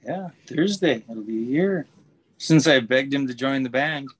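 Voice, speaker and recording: A man's voice: mid-range voice, expressive, measured pace, breathy edge, poor audio. A man from Wisconsin, a musician guesting on a podcast, talking in an easygoing way with dry humor. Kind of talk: casual interview chat.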